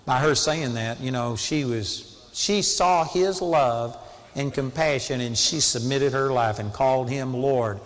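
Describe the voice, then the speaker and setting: A man's voice: mid-range voice, unhurried, in a large hall. A man preaching a sermon in an earnest, conversational way that rises to sudden emphatic peaks.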